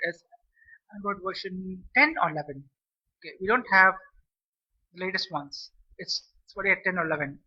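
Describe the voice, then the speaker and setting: A man talks through a gadget in a loose vlog, circling back and asking "okay?" as he goes. His voice sits high and sounds bright and husky. He is set back from the mic, on a dull, lo-fi recording. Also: far from the mic. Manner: rambling, restarts sentences, keeps checking in with "okay?". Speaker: tech vlogger. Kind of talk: casual explainer vlog.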